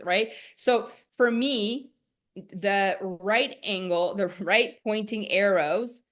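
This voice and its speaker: A woman's voice: mid-range voice, takes it slowly, fairly bright tone. A young woman teaching a live-streamed masterclass, talking in a chatty, enthusiastic way full of "like". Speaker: online course teacher.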